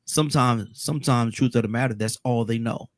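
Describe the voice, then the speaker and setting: A man's voice: mid-range voice, a little fast, dry recording. A man hosting a radio call-in show, chatting casually with callers, often backing them with "mm-hmm" and stumbling over repeated words. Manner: frequent affirming "mm-hmm", repeats and restarts.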